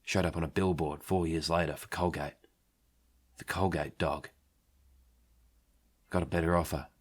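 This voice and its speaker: A man playing a rambling, swearing Australian bloke who tells an absurd story in a deadpan way, with an Australian accent. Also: deep voice, moderate pace. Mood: deflated. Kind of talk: absurd comic monologue.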